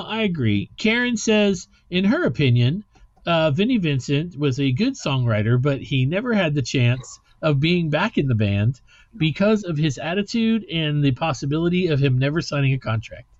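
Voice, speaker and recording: A man with a high-pitched voice hosts a podcast in a loose, rambling way and swears casually. The sound is dry and a little dull, as if lo-fi. It is casual podcast chat. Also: big pitch swings, unhurried, no room sound. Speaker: podcast host.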